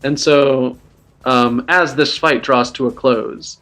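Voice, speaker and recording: A man's voice: mid-range voice, steady tone, slow, a bit bright, faint music behind. Laid-back man running a tabletop game. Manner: rambling, many fillers, laughs while narrating. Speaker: game master.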